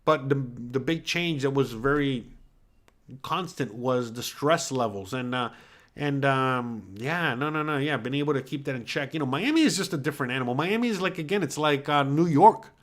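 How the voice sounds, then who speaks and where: A man's voice: mid-range voice, lively intonation, normal speed, a bit bright. A middle-aged man from the US East Coast hosting a casual solo chat, rambling and swearing freely with lots of "you know" fillers. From East Coast of the USA. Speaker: podcast host.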